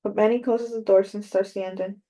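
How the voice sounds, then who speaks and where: A woman giving a measured, even first-person audiobook narration. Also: mid-range voice.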